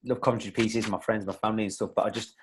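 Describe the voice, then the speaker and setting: Lower-voiced man in rambling podcast chat. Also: flat delivery, very fast, a little hiss or hum. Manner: rambling, many restarts and fillers, laughs a lot. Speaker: podcast guest, fitness coach.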